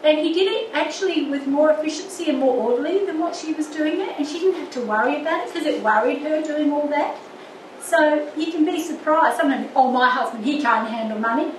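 A woman's voice: high voice, fairly quick. Older woman teaching, distant and echoey. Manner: earnest, with lively anecdotes and acted quotes. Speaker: church course teacher. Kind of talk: marriage course teaching. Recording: echoey room, distant mic, background noise.

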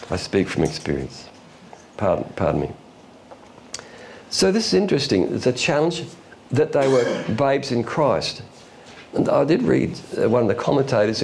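A man preaching a sermon in a folksy, illustrative way, with quick asides and chuckles. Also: fairly low pitch, creaky, a little mellow, a little hiss or hum. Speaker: pastor.

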